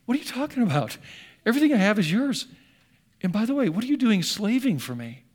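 A man's voice: sits high, sing-song, fast talker, darkish tone, pitched above the performer's own voice. A man preacher voicing a loving father who is exasperated and incredulous with his grown son.

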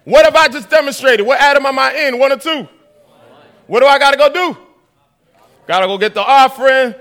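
A man's voice: very high voice, a little fast, a bit bright. A man preaching a sermon, telling a story with acted-out dialogue and asking the audience questions.

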